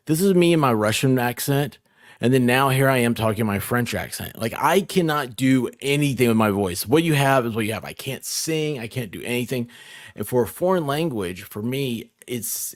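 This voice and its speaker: Animated self-mocking woman guest. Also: rumbling low, no room sound, studio quality. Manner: animated, self-deprecating, quick bursts. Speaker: guest, lawyer. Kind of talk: casual chat.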